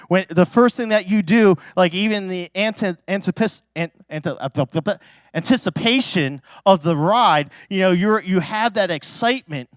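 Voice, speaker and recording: A high-pitched man preaching as a pastor, telling stories in a loose, chatty way with plenty of fillers. He breaks into sudden loud, excited exclamations. The recording is dry and close, with no room echo. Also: moderate pace, clean tone. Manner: casual and chatty, many fillers like "like" and "you know". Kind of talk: sermon with personal storytelling.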